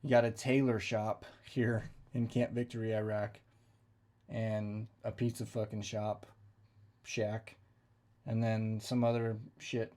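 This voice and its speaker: A man's voice: lowish voice, flat delivery, takes it slowly, a little mellow. A man telling a casual, profane story and acting out the exchanges he quotes. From United States. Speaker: veteran storyteller.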